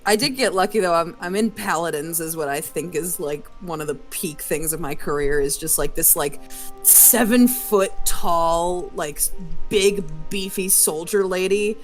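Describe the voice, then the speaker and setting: A woman voice actor chatting on a casual live stream, telling stories quickly and laughing often. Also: lowish voice, faint music behind. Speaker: voice actor and casting director.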